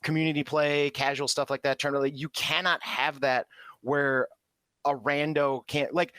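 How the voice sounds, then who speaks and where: A man's voice: on the high side, little pitch movement, normal speed, sharp tone, clean tone, no room sound, studio quality. Blunt, opinionated male podcast co-host. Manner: blunt, opinionated, swears freely. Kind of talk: casual chat.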